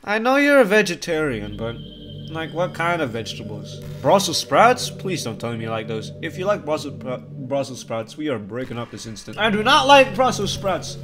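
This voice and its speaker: A man's voice: medium pitch, very animated, normal speed, over music. A young man hosting a let's play, joking and bantering with the game from his room at home. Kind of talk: gameplay commentary.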